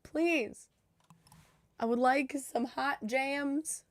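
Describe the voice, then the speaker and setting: A woman's voice: medium pitch, lively intonation, normal speed, no room sound. A woman livestreaming her game development, chatting casually into a headset and talking to herself in a flustered, self-deprecating way. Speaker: game dev streamer.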